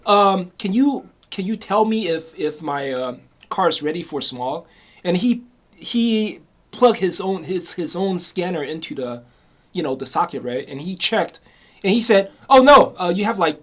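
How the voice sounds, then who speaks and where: A man's voice: high voice, a bit bright. A man ranting angrily in a casual monologue, swearing often and repeating himself with frequent "you know?" asides. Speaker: vlogger.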